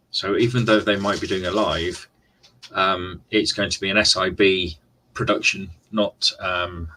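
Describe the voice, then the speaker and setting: A man's voice: low voice, pushed and bright, poor audio. A man hosting a live stream, chatting casually to viewers in a rambling way and often restarting his words. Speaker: livestream host.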